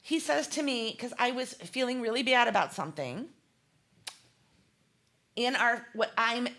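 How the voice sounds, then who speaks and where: A middle-aged woman speaking as an interview guest in an earnest, emphatic way, with a bright, forceful voice. She pitches slightly above most women, laughs often and acts out the lines she quotes. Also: measured pace. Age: 40s or 50s. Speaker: guest, holistic chef. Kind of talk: candid interview talk.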